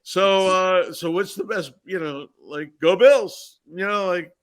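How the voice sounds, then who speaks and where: A man talking as a filmmaker guest on a podcast in casual chat, animated and acting out scenes in other voices. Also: sits high, unhurried, clean tone.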